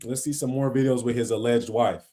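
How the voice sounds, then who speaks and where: A man hosting a livestream, reacting to videos in slangy, animated casual talk that slides into rants. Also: medium pitch, a little fast.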